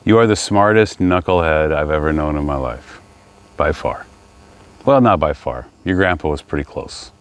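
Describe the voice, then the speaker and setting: A man's voice: extremely low pitch, animated, moderate pace, clear, resonant tone. A man co-hosting a casual family podcast, teasing his son in a dry, blunt way. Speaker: father and podcast co-host.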